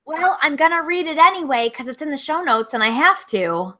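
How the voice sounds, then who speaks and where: High, lively, unhurried woman co-host. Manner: incredulous, quick to react. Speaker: comedy podcast co-host. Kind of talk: casual chat.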